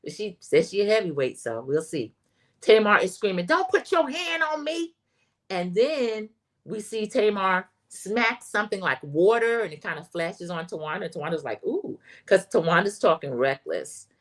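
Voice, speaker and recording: A woman's voice: on the low side, animated, moderate pace. Chatty woman hosting a recap stream. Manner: chatty, addresses viewers as y'all, reads chat comments aloud. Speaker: show host recapping reality TV. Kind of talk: casual recap commentary livestream.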